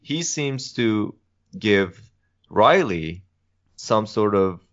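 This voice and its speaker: A young man speaking as a podcast guest, with a fairly low voice. He lays out his points slowly and methodically, filling gaps with "uh". The sound is dull and lo-fi. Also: animated. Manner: measured, methodical, many "uh"s. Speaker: podcast guest, philosophy student. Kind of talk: casual podcast discussion.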